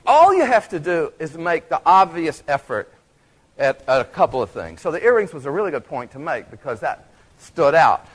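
A man speaking to a live audience from a stage, leading a playful theater demonstration in a chatty, animated way with many restarts. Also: on the high side, moderate pace. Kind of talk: lively lecture with audience volunteers.

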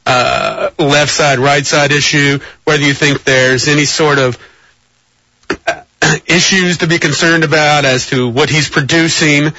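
Radio host guy, sharp bright tone, rambles and cracks dry jokes, dead dry studio. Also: on the high side, dry recording, lo-fi sound. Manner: rambling, wry asides. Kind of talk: call-in radio talk.

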